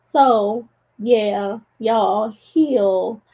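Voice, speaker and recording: Tearful woman with a gravelly voice. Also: mid-range voice, drawn-out words, dull audio. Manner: emotional, encouraging, addresses listeners as y'all. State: tearful, crying while talking. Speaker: podcast host. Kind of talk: casual solo podcast monologue.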